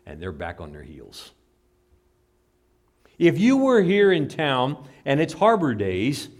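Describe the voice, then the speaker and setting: A man preaching a sermon as pastor, swinging between loud emphatic lines and low, quiet asides.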